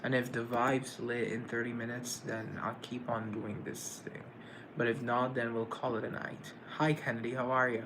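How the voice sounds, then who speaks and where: A man's voice: mid-range voice, level tone, moderate pace, a bit bright, a little hiss or hum, rough recording. A young man hosting a casual livestream, rambling and self-deprecating as he reads and answers viewers' comments. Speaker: livestream host.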